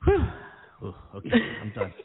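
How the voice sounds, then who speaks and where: A man from California co-hosting a casual talk show, rambling and excitable. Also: on the low side, normal speed, over a noisy crowd. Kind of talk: casual chat. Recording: tinny phone-like line.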